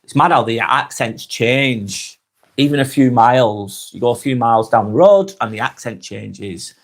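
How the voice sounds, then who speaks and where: In a casual live-stream chat, a man from North West England with a Lancashire accent reads comments from his viewers and answers them at an easy pace. His voice sits at medium pitch, and his speech is full of ums and restarts.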